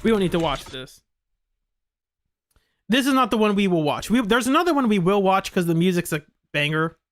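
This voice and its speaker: Brief: relaxed game commentator, halting, reactive, mid-pitched. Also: faint music behind. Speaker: gaming commentator. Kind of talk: game playthrough commentary, reading dialogue aloud.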